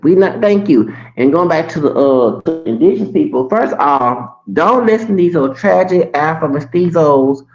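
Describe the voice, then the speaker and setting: Gravelly ranting man in his forties. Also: medium pitch, lo-fi sound. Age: 40s. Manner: heated, swearing, rambling with restarts. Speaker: vlogger. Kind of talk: ranting monologue.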